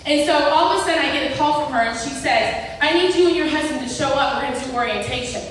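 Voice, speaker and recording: A middle-aged woman from the United States giving a personal testimony to a church audience, telling her story with animated delivery and acting out quotes. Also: sits high, fast. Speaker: guest speaker. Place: large indoor event hall. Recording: echoey hall picked up from far off.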